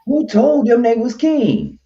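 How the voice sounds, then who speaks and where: A man's voice: very high voice, wildly swooping pitch, slow pace, dark tone. A man hosting a livestream, giving blunt, emphatic opinions in casual chat with a mocking edge. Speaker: stream host. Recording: muffled lo-fi stream audio.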